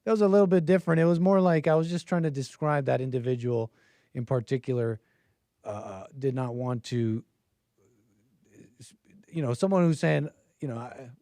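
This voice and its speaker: A man's voice: medium pitch, steady tone, normal speed, long pauses, mellow, dry recording. A man hosting a call-in show, talking loosely and trailing off mid-sentence. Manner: loose, conversational, trailing off often. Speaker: talk show host.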